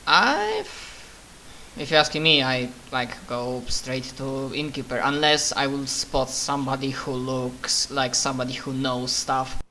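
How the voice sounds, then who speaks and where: Bright-voiced male tabletop player. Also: medium pitch, animated, a little slow, slight background noise, low-quality recording. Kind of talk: tabletop game chat.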